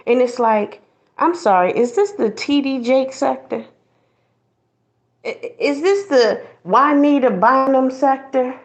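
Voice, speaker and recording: A woman's voice: fairly high pitch, unhurried. A woman host giving a blunt, preachy commentary monologue, mocking others in put-on voices.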